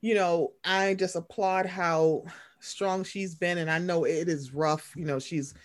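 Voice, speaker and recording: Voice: mid-range voice, steady tone, a little slow. A podcast co-host chatting casually, rambling and joking in slangy speech with frequent laughs. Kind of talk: casual chat.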